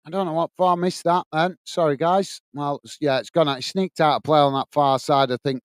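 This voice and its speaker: A man's voice: on the high side, fairly even intonation, a little fast, few pauses, clear, resonant tone, no room sound, clean studio sound. A man from England hosting a live football watchalong, calling the play and reading out viewer messages in a chatty way. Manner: chatty, reads viewer comments aloud and calls play. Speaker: watchalong host. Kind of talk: live stream match commentary and chat reading.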